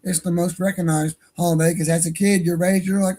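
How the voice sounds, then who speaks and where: A man's voice: high-pitched, little pitch movement, quick pace, few pauses, mellow. A man hosting an online radio show, talking in a profane, rambling and heated way. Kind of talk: casual ranting monologue. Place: home studio for an online stream.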